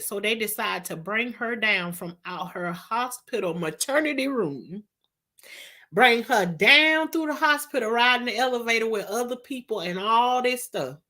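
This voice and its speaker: Bright-voiced woman telling a story. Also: mid-range voice. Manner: emphatic, exasperated storytelling. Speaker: vlogger. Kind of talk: storytime vlog.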